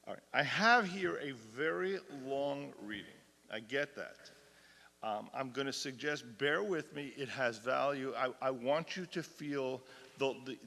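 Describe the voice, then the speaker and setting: A man's voice: mid-range voice, vocal fry, bright, forceful tone. A man, a cantor teaching an adult class, speaking earnestly at a fixed microphone and reading aloud with rising intensity. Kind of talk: lecture with dramatic reading aloud. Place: synagogue hall. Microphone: fixed microphone he cannot leave. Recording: long hall reverb.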